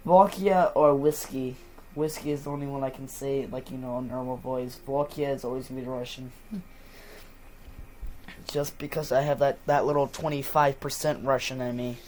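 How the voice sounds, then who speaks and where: A man's voice: mid-range voice, steady tone, normal speed, a little mellow, slight background noise. A man with a stuffy nose talking in a casual, rambling monologue, profane and full of fillers. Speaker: vlogger.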